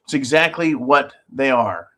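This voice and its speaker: A man's voice: medium pitch, animated, unhurried, pushed and bright. A man hosting his own show, giving sarcastic, combative commentary straight to his viewers. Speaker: show host. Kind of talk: opinionated commentary.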